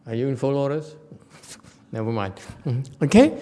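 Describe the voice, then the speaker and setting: A man's voice: medium pitch, lively intonation, normal speed, warm tone. A male Buddhist teacher giving a dharma lecture, blunt and teasing, often mimicking his students' complaining voices. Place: temple lecture hall.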